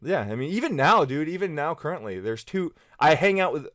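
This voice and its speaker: A man's voice: fairly high pitch, very animated, brisk, fairly bright tone, no echo, studio quality. A man in his thirties telling personal stories casually to camera, rambling with many fillers and restarts. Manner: acts out friends' lines in quoted voices. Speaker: vlogger.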